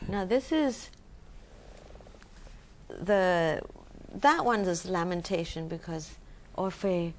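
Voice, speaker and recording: A woman's voice: lowish voice, extremely slow, pauses often, a little hiss or hum. A woman from Thailand, an opera singer who explains the story and the voice types in an explanatory, lightly joking way. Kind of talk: interview guest explaining opera.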